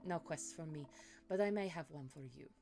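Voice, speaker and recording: A woman's voice: sits low, normal speed, gravelly, background noise. A woman voicing a wandering adventurer who talks in a dry, easygoing, teasing way in a cosy tavern role-play. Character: wry wandering adventurer with news of monsters.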